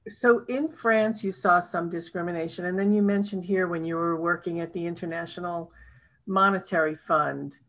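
A woman's voice: fairly low pitch, steady tone, moderate pace, a bit bright, low-quality recording. A woman interviewing a guest, probing with follow-up questions.

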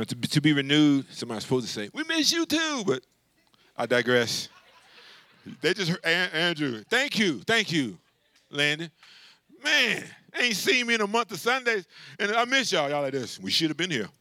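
A man preaching a sermon as pastor, animated and conversational, calling out to the congregation for responses. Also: fairly high pitch, measured pace, pauses often, dry recording. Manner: animated, with many restarts and asides.

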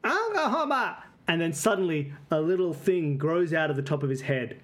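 A man running a tabletop game, giving rambling, halting descriptions of the scene. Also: a little high. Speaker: game master.

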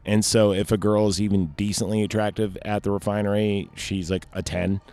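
A man's voice: fairly low pitch, flat delivery, fairly quick, a little mellow. A man casually recapping a movie, rambling and joking, with lots of fillers and swearing. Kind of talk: casual chat.

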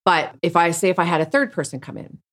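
A woman with a notably low voice speaks frankly as a podcast guest. She rambles, restarts her sentences and talks bluntly. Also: lively intonation, fast, fairly bright tone. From Canada. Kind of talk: candid interview conversation.

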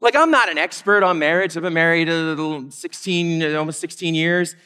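A man in his thirties preaching a sermon in a casual, conversational way, with lively asides. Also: a little high, brisk, clean tone, in a large hall. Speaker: pastor.

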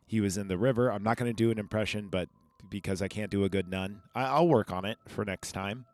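This podcast host has a lowish voice and talks fairly quickly as he chats casually through a film recap. He rambles with plenty of fillers and asides, and the podcast microphone picks up no echo.

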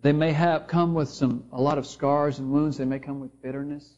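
A man's voice: on the high side, steady tone, moderate pace, a little mellow. A man preaching a sermon, telling stories in a conversational way and acting out the people in them. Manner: storytelling, conversational with quoted voices. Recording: dull lo-fi sound.

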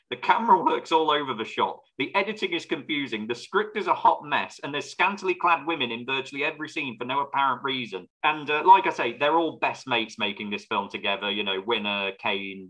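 A man's voice: mid-range voice, pushed and bright, poor audio. A man co-hosting a film podcast, reviewing a movie with wry, sarcastic humor. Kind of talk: casual film review chat.

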